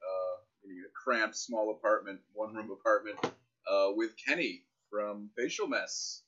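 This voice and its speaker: A man hosting a casual radio show from a small apartment, relaxed and quick to laugh. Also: lowish voice, noisy background. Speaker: radio host. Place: small one-room apartment. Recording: dull lo-fi radio recording.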